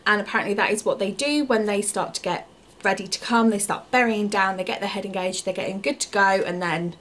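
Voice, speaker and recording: A woman's voice: medium pitch, fairly quick, a bit bright. A woman in her thirties gives a candid, chatty family vlog update with frequent ums. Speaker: family vlogger.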